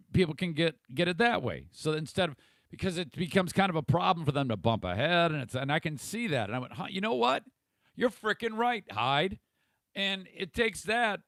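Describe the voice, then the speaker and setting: Gravelly, profane man ranting on a livestream. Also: fairly high pitch, a bit bright, no echo. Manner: profane, irritable rambling with restarts. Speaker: podcast host. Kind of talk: casual livestream monologue.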